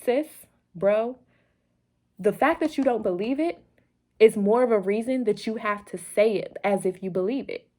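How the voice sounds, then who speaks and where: A woman's voice: medium pitch, moderate pace, a little mellow. Playful, preachy young woman vlogger. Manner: playful, preachy, repeats phrases for emphasis. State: a little loopy late at night. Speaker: vlog host. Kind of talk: motivational talk to camera.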